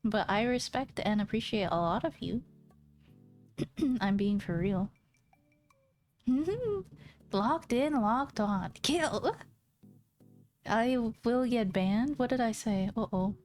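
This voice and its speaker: Higher-voiced woman just chatting on stream, giggly and teasing, slow easy pace, soft music behind. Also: animated. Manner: giggly, playful and teasing, talks straight to viewers. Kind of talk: casual chat stream.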